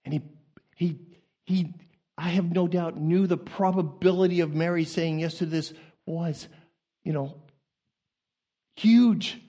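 A male pastor preaching in a church, animated and laughing, often repeating words as he goes. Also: on the high side, takes it slowly, long pauses, dull audio. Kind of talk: sermon. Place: church sanctuary.

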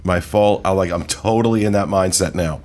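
A man's voice: low-pitched, fairly quick, a little mellow. A man hosting a casual podcast discussion, rambling and enthusiastic with plenty of fillers. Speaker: podcast host.

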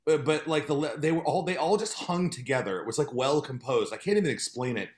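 A man's voice: a little high, quick pace. A man telling a funny story in casual chat, laughing often as he talks. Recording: echoey room.

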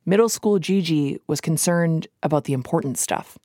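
Low-voiced Minnesotan woman narrating over music. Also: moderate pace, dark tone, no room sound, studio quality. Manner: wry, playful storytelling. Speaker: podcast host and narrator. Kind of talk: scripted narration. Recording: music bed under the voice.

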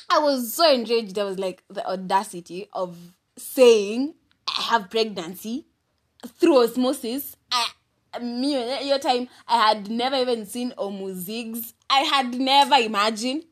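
A woman's voice: fairly high pitch, a bit bright. A young woman with a Kenyan accent telling a dramatic storytime monologue, mixing in Swahili slang and laughing often. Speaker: vlogger.

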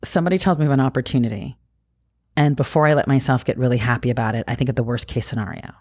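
Low-voiced animated woman host. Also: rapid-fire. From New Jersey. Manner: animated, emotional, swearing. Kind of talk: casual heart-to-heart chat.

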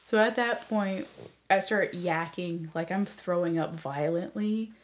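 A woman's voice: lowish voice, a little slow. Laughing young woman telling a story. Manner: animated, laughs often, acts out quotes. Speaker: podcast host. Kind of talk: casual storytelling chat.

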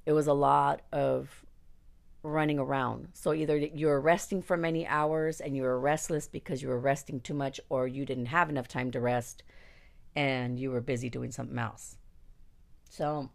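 A woman casually telling a personal story, candid and profane, animated and quick to laugh. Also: very deep voice, gravelly.

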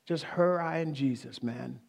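A man's voice: mid-range voice, a little slow, vocal fry, darkish tone, big-room sound. A man preaching a sermon, speaking emphatically, repeating key phrases and talking directly to the congregation in a church. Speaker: pastor.

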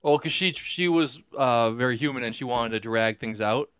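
A young man in a casual movie discussion, talking haltingly with frequent restarts. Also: a bit bright, clean tone, dry recording, studio quality. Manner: halting, restarts often, jumps up in pitch when making a point.

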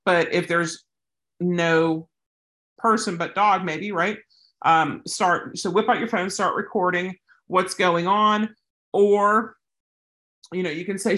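A woman's voice: lowish voice, steady tone, takes it slowly, a bit bright. A woman who handles service dogs, answering a viewer's question in a casual, rambling way with plenty of tangents. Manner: rambling, goes off on tangents, chatty. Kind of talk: casual advice vlog.

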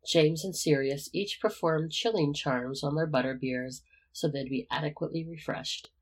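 A narrator reading a fan fiction story aloud in a calm, even manner. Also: medium pitch, normal speed, husky, rough recording.

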